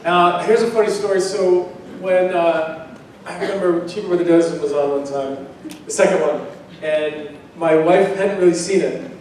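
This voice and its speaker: A man's voice: on the high side, moderate pace, recorded from a distance, a little hiss or hum. Man telling stories in an echoey hall. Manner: relaxed, rambling anecdotes with restarts and acted quotes. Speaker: convention panel guest. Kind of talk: casual storytelling to a fan audience. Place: large convention hall. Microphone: handheld mic recorded from far in the audience.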